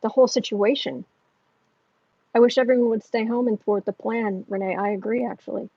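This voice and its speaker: A woman's voice: a little high, fairly even intonation, a little fast, no echo. A woman hosting a tarot livestream, chatting earnestly with viewers in a rambling way, with many restarts. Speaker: tarot reader and livestream host. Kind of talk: casual livestream chat, reading viewer comments. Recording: dull lo-fi sound.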